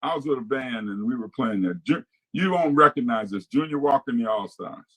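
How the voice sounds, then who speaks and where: An older man who used to tour as a musician, speaking in a relaxed, easygoing way. He hesitates and restarts often as he tells stories. His voice sits in an ordinary middle range for a man. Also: mid-range voice, brisk, low-quality recording. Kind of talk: casual conversation.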